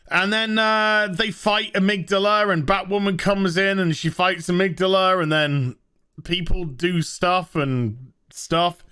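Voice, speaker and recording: A man's voice: high-pitched, expressive, normal speed, pushed and bright. A man giving a sarcastic, swearing recap of a TV episode he dislikes, scornful and casual. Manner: swears freely. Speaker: TV show reviewer.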